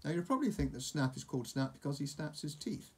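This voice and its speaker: A man's voice: on the high side, animated, fast talker, breathy edge. A man reading a picture book aloud to a child, with playful, chatty asides.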